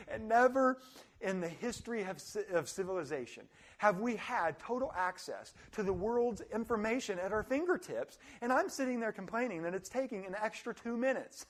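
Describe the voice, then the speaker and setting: A young adult man giving a motivational talk, animated, acting out complainers in high voices. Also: a little fast. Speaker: motivational speaker.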